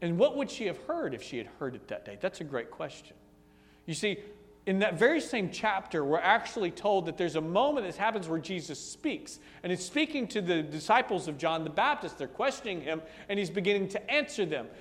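A man preaching a sermon, telling a story dramatically, dropping to a hush and rising to a booming voice, with repeated rhetorical questions. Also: very animated, brisk. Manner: dramatic, swinging from hushed to booming. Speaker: pastor. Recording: long hall reverb.

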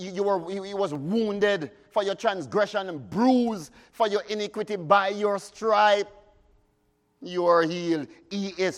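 A man in the pulpit, his voice sitting high and moving at a slow, deliberate pace. He chants hymn lines, then breaks into fervent cries before dropping back to quiet, earnest teaching. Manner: fervent, rises to sudden shouts and drops to hushes. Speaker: preacher. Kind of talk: sermon.

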